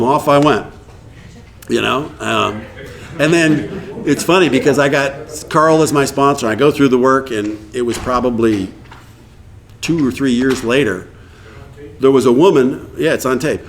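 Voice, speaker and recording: A man in his fifties speaking to a recovery meeting, telling his story in a candid, humorous, blunt way. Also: medium pitch. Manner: acts out quoted dialogue. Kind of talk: casual storytelling talk to an audience.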